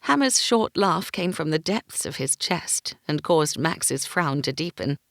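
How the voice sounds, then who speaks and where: A woman's voice: low-pitched, lively intonation, measured pace, fairly bright tone, dry recording, studio quality. A woman narrating a first-person fantasy audiobook, giving each character a voice.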